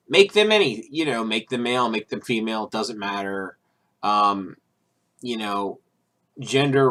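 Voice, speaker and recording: A man's voice: on the low side, fairly bright tone. A man hosting his own video, talking casually and rambling through an opinion piece with restarts, fillers and irritated, sarcastic asides. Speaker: video host.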